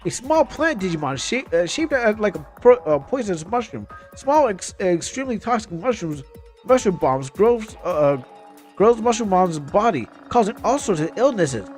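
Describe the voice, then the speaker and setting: A man's voice: high voice, big pitch swings, normal speed, faint music behind. A young man streaming a game, chatting casually and reading game text aloud, often stumbling and restarting words.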